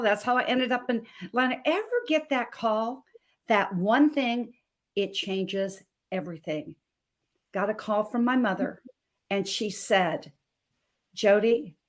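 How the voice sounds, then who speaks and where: Speaking in a slightly high, unhurried voice, this Montana woman in middle age shares her testimony on a talk show. She works as a health coach and recounts her story emphatically, with real emotion.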